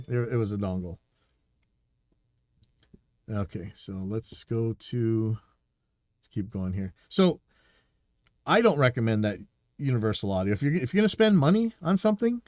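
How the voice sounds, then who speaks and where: A man talks through a live stream in a loose, opinionated way, stumbling over restarts as he goes. His voice sits at an everyday middle pitch. The sound is dry and close, with no room around it. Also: darkish tone, no room sound. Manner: rambling, opinionated, restarts often. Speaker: podcast host reacting to a video. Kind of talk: casual live-stream commentary.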